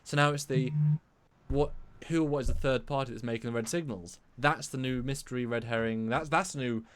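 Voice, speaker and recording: A man's voice: medium pitch, brisk, clean tone. Rambling English man co-hosting a live stream. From England. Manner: rambling, animated, many restarts. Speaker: co-host.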